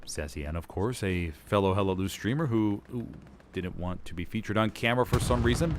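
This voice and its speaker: Gunfire, artillery and battle sounds from a war game fill the noisy background as this caster talks a little fast in a lowish voice. He's casting the competitive match live, chatty and self-deprecating with his stream chat.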